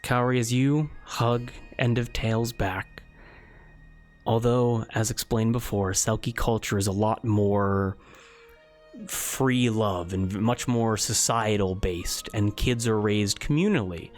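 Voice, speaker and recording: A man's voice: on the low side, fairly even intonation, slow, faint music behind. A man narrating as game master in a tabletop game, casual and loose, with many fillers.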